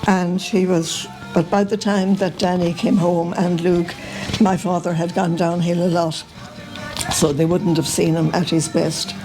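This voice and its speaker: An older Irish woman telling family stories to the camera in a relaxed, meandering way, often pausing with "uh" and "um". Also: fairly low pitch, music in the background, rough recording. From Ireland. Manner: meandering, full of uh and um. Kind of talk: casual storytelling to camera.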